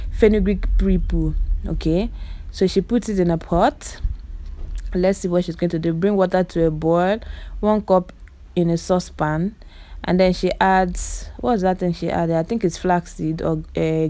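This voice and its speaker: A woman's voice: fairly low pitch, warm tone, dry recording. A woman with a Nigerian Igbo accent giving chatty voice-over commentary on clips, exclaiming often and talking straight to her viewers. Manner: repeats words for emphasis. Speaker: vlogger.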